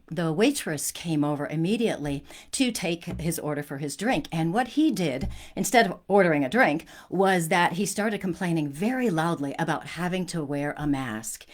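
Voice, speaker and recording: A woman's voice: fairly low pitch, lively intonation, normal speed. A woman hosting a spiritual talk, telling a personal story in an earnest, conversational way with frequent restarts.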